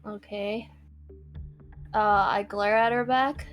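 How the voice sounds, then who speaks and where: A woman playing in a tabletop game, expressive with annoyed outbursts. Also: medium pitch, slow pace, faint music behind. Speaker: player. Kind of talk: casual chat in a tabletop game.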